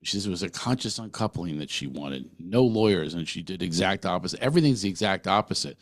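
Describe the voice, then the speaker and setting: Deep-voiced man in earnest monologue. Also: expressive, fast, dry recording, clean studio sound. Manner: earnest, asks the listener questions directly. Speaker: podcast host. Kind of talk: personal monologue.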